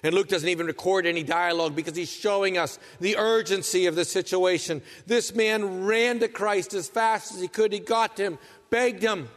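A man's voice: high-pitched, steady tone, moderate pace, few pauses, big-room sound. A man preaching a sermon, reading scripture and voicing anguished questions with earnest intensity. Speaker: pastor.

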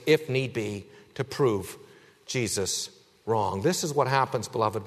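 A man preaching a sermon, emphatic, dropping low and quiet then rising loud. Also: in a large hall.

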